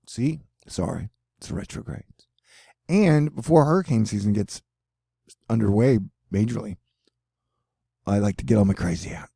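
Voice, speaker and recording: A lowish, husky, mellow voice with creak speaks at a normal pace, leaving long pauses, in echo-free studio audio. The middle-aged American man behind it hosts a relaxed weather video, rambling and joking with frequent fillers.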